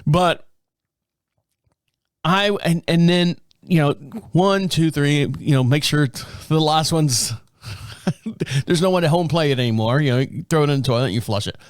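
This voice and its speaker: A man's voice: a little high, measured pace, long pauses, dry recording, studio quality. A man hosting a comedic solo podcast, telling a rambling story and often laughing at himself. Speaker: podcast host.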